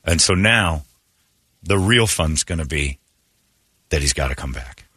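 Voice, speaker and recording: A man's voice: extremely low pitch, lively intonation, measured pace, pushed and bright, slightly rough. A man hosting a morning radio show, rambling through blunt, opinionated stories in casual chat from a studio mic.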